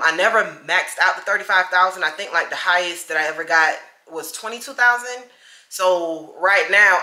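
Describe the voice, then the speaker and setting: A woman chatting casually to camera at home, easygoing and talkative. Her voice is bright and forward. It bounces around a hard, echoey room. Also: on the low side. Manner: chatty and easygoing, calls the viewer "child". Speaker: lifestyle vlogger. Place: home, indoors.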